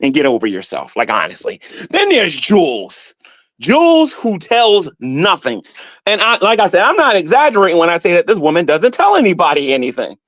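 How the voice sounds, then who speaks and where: A man doing a YouTube livestream, ranting at rivals with animated, mocking talk and frequent laughter. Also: a little high, a little fast, no echo. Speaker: YouTube commentator. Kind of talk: mocking rant to a livestream chat. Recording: dull, dry lo-fi audio.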